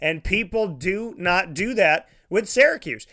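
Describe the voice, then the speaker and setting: A man's voice: sits high, lively intonation, normal speed, few pauses, bright, forceful tone. A man broadcasting a live sports talk show, ranting with heated sarcasm and lots of repetition.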